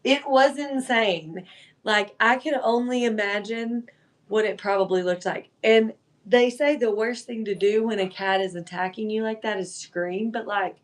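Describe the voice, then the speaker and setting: A woman's voice: medium pitch, measured pace. A woman hosting a live online sale, chatting casually and telling stories full of fillers like "like" and "um.". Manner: chatty, animated storytelling with filler words. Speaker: live-selling host. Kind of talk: casual livestream chat.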